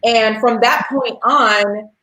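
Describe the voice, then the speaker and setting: A woman's voice: on the high side, steady tone, slow pace, pushed and bright. A woman in her thirties talking casually as a parent, telling candid stories about raising her young son and acting out the dialogue. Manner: candid, storytelling with quoted dialogue. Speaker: parent sharing experience. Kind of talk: casual discussion. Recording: roomy echo.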